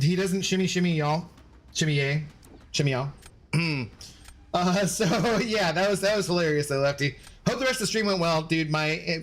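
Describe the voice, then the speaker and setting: Laid-back streamer, a man, higher voice. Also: fairly bright tone. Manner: laid-back, laughs often, swears casually; thanks viewers for gifts by name. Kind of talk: casual livestream chat while gaming.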